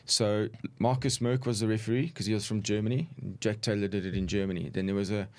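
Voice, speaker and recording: A middle-aged former football referee, relaxed and anecdotal, telling stories in a conversational interview. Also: male voice, on the low side, fast. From South Africa. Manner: relaxed, anecdotal, chuckles while recounting. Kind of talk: conversational storytelling.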